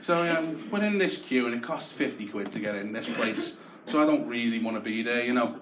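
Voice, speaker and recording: A man's voice: mid-range voice, lively intonation, fairly quick, background noise. A young man from Liverpool with a Scouse accent, doing a wry, self-deprecating, sweary stand-up comedy set. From Croxteth, Liverpool, England. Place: comedy club stage. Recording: echoey club with loud audience laughter.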